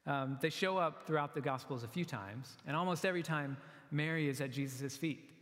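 A man's voice: a little high, brisk, a bit bright. A man giving a sermon as a pastor, earnest and conversational, often restarting his phrases. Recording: long reverb of a large hall.

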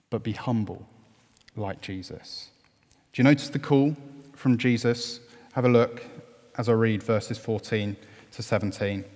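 A man's voice: fairly low pitch, darkish tone. A man preaching a sermon, earnest and at times emphatic. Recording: long hall reverb.

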